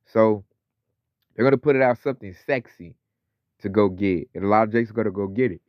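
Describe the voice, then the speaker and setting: A man's voice: lowish voice, brisk, no echo, dull audio. A man teaching scripture in a casual, conversational way, slipping into slang and acting out other people's voices. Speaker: religious teacher.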